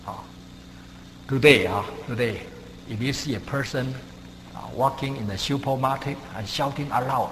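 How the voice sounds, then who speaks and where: A man preaching a sermon, halting with many fillers and non-native grammar, leaping up in pitch and volume for emphasis. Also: fairly bright tone. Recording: long hall reverb, faint hum.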